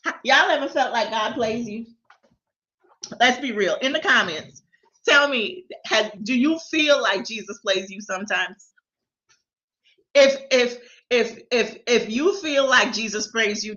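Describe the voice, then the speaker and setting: Bright, candid woman on a livestream. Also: on the high side, lo-fi sound. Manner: candid and confiding, stammers and repeats words. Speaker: devotional livestream host. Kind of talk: casual livestreamed devotional. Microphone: camera or phone livestream.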